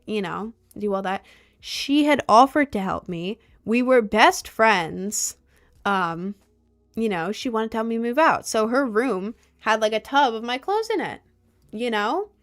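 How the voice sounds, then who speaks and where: A young woman in casual storytime chat, animated and exasperated, sometimes slipping into mock voices of others. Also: on the high side. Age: young adult. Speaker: vlogger.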